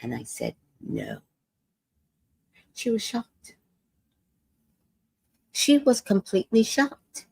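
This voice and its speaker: A woman hosting a casual livestream, telling an animated story and acting out other people's lines in voices. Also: on the high side, slow, creaky, long pauses, husky, no echo. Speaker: vlog host.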